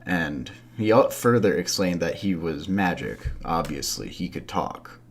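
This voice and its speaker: A man's voice: deep voice, expressive, measured pace. A man narrating a campfire story as a podcast host, loose and conversational, with asides and fillers.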